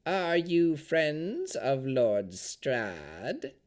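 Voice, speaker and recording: A man's voice: on the high side, sing-song, a little mellow, pitched above the performer's own voice, exaggerated voice. A man voicing a menacing, scornful old crone hag in an audiobook, harsh and drawn out. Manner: slow, drawn-out delivery. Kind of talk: audiobook character voice.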